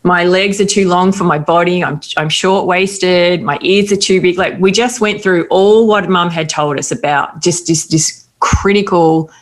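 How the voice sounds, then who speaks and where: A middle-aged woman with an Australian accent talks in a fairly low voice. She tells a personal story candidly in relaxed conversation, with quick asides. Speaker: guest. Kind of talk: casual conversation.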